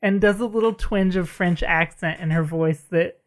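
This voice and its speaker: A woman's voice: lowish voice, normal speed. A woman chatting casually as a podcast co-host, laughing as she talks. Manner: chatty, laughs while telling. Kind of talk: casual chat.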